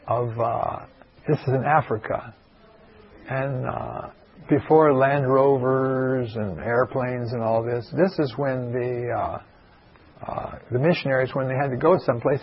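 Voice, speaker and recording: Unhurried and mid-pitched, this man's voice reaches us through a muffled recording with slight background noise. He is a pastor spinning a folksy, digressive story in a meeting hall, stuffed with asides for his audience.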